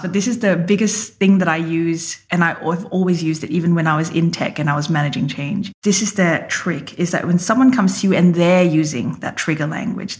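A woman leadership coach, appearing as an interview guest, explains things emphatically and acts out example phrases. Her voice sits on the low side.

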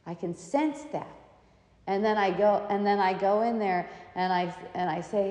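A woman's voice: medium pitch, normal speed, muffled recording. Chatty woman talking in an echoey hall. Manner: animated and chatty, with frequent restarts and laughs. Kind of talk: reflective spiritual talk with personal anecdotes.

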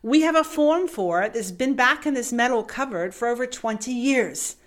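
A woman voicing an older male bank manager near retirement, giddy and eager, who exclaims with excitement. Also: fairly high pitch, moderate pace, lightly acted. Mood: overjoyed.

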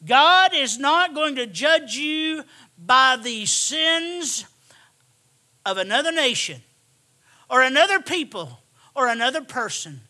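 A man preaching a sermon, emphatic and repetitive, swinging from hushed asides to shouted lines. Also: very high voice, very animated, slow, long pauses.

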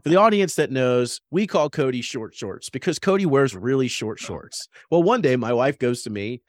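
A man's voice: mid-range voice, normal speed, few pauses, dry recording. Guy cohosting a podcast, chatty, laughs a lot, voice jumps around, dry close mic. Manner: animated storyteller, laughs often. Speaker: podcast co-host. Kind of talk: casual chat.

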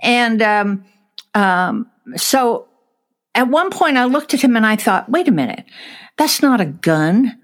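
A woman telling a story in a casual chat, animated, acting out what people said and laughing as she tells it. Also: fairly high pitch, takes it slowly. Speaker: storyteller guest.

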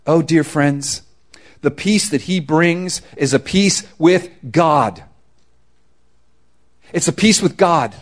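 A man preaching a sermon as pastor, conversational and slangy, swinging from hushed lines to loud emphasis. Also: on the high side, slow pace, long pauses. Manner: conversational, uses casual slang.

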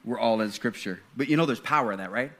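A man's voice: medium pitch, fast talker, a bit bright. A man preaching a sermon in a conversational style, stumbling and restarting, then building to fervent passages. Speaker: pastor.

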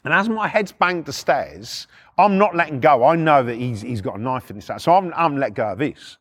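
A man's voice: mid-range voice, moderate pace. Blunt, sweary man telling stories. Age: middle-aged. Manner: blunt, sweary, animated retelling. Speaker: former repo man storyteller. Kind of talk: casual storytelling.

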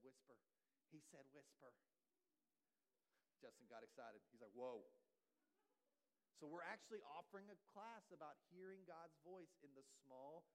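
A middle-aged man, a pastor, preaching a sermon in a conversational way with jokes, sometimes dropping to a soft low voice for emphasis. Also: poor audio.

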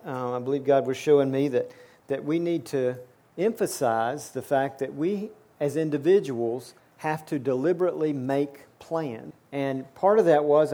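A man's voice: medium pitch, mellow. A man preaching a sermon to his church, earnest and repeating words as he builds his points. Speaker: pastor.

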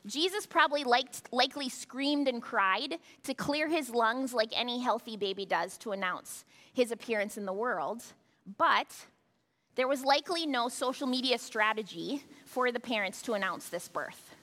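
A woman's voice: on the high side, normal speed, pushed and bright. A woman pastor giving a sermon, talking conversationally with rhetorical asides to the congregation. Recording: long hall reverb.

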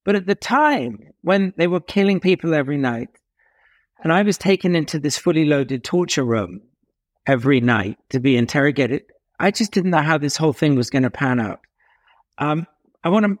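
A man from England telling a story as an interview guest, animated, with dramatic pauses and emphatic swings in pitch. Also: no room sound, clean studio sound.

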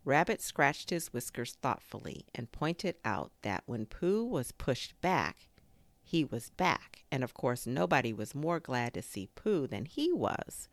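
A woman reading a children's story aloud in an expressive, unhurried storytelling manner. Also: extremely low pitch, dry recording.

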